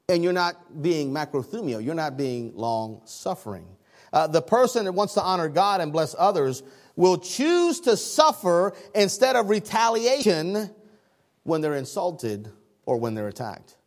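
A man preaching a sermon, lively and conversational, laughing often and acting out people's reactions. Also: a little high. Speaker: pastor.

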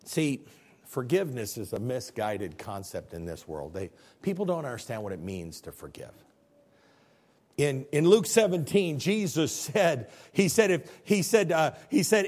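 Male pastor, high-pitched, impassioned sermon delivery with big swings in loudness. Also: big pitch swings, normal speed, husky. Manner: impassioned preaching, swings from quiet to shouting; repeats words when fired up.

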